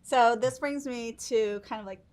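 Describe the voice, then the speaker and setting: Upbeat chatty woman, higher voice. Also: a little slow, darkish tone, a little hiss or hum. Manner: chatty, laughs often, upbeat. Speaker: guest giving presentation tips. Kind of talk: casual chat.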